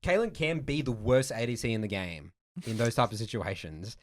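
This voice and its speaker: A man's voice: medium pitch, moderate pace. Chill guy on a gaming podcast, medium voice, lots of likes and ums. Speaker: podcast co-host. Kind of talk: casual gaming podcast chat.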